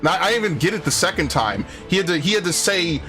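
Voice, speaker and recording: A man's voice: fairly high pitch, lively intonation, fast talker, few pauses, pushed and bright. A young man streaming a video game, chatting casually, rambling and sarcastic, swearing often and telling anecdotes. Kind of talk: casual gaming commentary. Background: faint game music.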